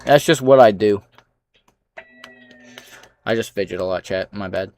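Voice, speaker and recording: A man livestreaming, reading out chat comments with dry, sarcastic replies and low-key asides. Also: a little slow, a little mellow.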